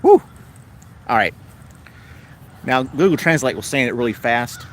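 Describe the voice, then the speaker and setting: A man's voice: medium pitch, big pitch swings, measured pace, a bit bright, a little hiss or hum. A man with a Tennessee accent hosting a casual livestream chat, rambling along in an easygoing way. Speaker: host.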